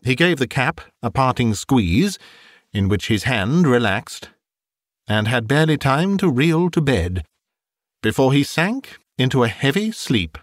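Expressive male audiobook narrator. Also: medium pitch, no room sound, studio quality. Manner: expressive, measured storytelling. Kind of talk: scripted narration of a classic novel.

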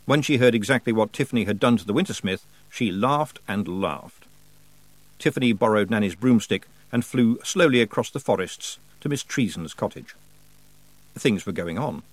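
A man narrating a story in an expressive storytelling manner. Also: on the low side, normal speed, no echo, low-quality recording. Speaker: audiobook narrator. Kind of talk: scripted narration.

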